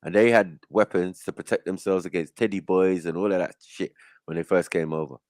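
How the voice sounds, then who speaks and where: A man's voice: fairly even intonation, brisk, darkish tone, no echo. Laid-back man in debate. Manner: laid-back, low-key, street slang. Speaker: panel host. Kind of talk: heated casual debate.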